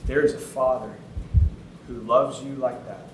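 A man's voice: mid-range voice, steady tone, measured pace, fairly bright tone, slight background noise. A man in his thirties, a pastor telling a story in a sermon, conversational and earnest with casual fillers. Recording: roomy sound from a distant mic.

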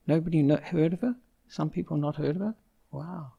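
A man's voice: fairly high pitch, fairly quick, creaky, slightly rough, dull audio. A man, a Buddhist monk, giving an informal Dhamma talk, chatting with the audience, asking them questions and chuckling often. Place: Melbourne.

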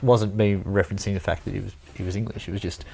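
A man's voice: low-pitched, fairly even intonation, quick pace, gravelly, darkish tone, slightly rough. A man, a pub musician chatting casually on a podcast, rambling and laughing often. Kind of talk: casual chat.

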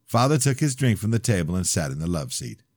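Deep-voiced man narrating his own novel. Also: sing-song, darkish tone, no room sound, studio quality. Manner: measured first-person storytelling. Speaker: author reading his novel. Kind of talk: audiobook narration.

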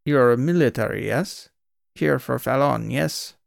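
A man voicing a nervous, secretive male station guide with an Eastern European accent and broken English, warning in hushed, urgent tones. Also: mid-range voice, a little slow, creaky, no room sound, clean studio sound. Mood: eager.

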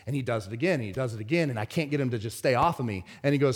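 A pastor delivering a conversational sermon, telling stories in an animated, stop-and-start way. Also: male voice, mid-range voice, rapid-fire, hardly any pauses. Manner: conversational storytelling, animated, many restarts.

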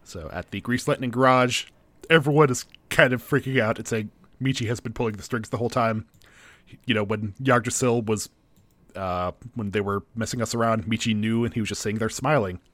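A man's voice: lowish voice, a little fast, no room sound. Dry-sounding man recapping casually. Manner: animated recap, acting out quoted lines. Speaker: co-host recapping a show. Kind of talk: casual chat.

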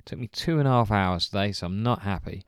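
Smooth-voiced man, chatty podcast host. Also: lowish voice, no room sound, clean studio sound. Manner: chatty, laughs often, quick asides. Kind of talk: casual chat.

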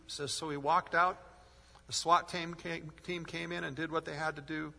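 A man's voice: on the high side, level tone, moderate pace, gravelly, sharp tone. A male pastor preaching a sermon, earnest and rising in force as he retells a story. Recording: long hall reverb.

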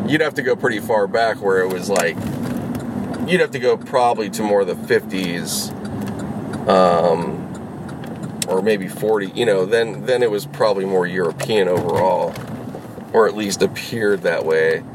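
Guy rambling in his car, lots of ums and restarts, kinda low voice, faint road hum. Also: measured pace. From Los Angeles. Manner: rambling, many fillers and restarts, swears casually. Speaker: rideshare driver vlogger. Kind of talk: casual rambling car vlog. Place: inside a car.

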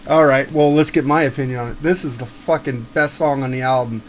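A man hosting a casual music chat, swearing freely and gushing with excitement. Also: medium pitch, fairly quick, a little hiss or hum. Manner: swears a lot, excitable fan talk.

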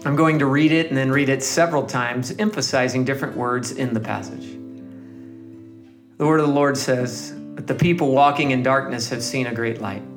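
A man with a mid-range voice reads scripture and reflects on it softly, lingering on single words. Plucked guitar plays clearly behind him. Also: medium pitch, normal speed. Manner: soft, gentle, lingering on words. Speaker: devotional leader. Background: guitar music.

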